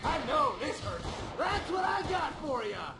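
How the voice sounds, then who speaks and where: A wild, raving possessed man yells jeering taunts at the top of a strained, very high voice. Each line lurches up and down. The game audio echoes and carries constant background noise. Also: sing-song, a little slow, full character voice. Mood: taunting. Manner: shouting taunts in combat.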